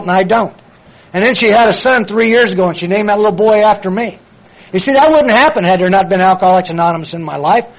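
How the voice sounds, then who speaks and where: A man's voice: sits high, low-quality recording. Older man, confessional recovery talk. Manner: plain-spoken, confessional, repeats key phrases. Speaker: speaker at a recovery meeting. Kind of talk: personal testimony talk.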